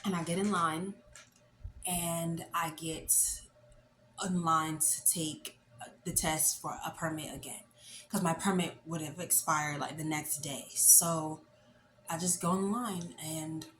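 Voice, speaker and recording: A woman in her late twenties telling a story in a casual, animated, chatty way, full of fillers. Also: sits low, slow, slight background noise. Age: late 20s. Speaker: vlogger. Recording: echoey room with faint ambience.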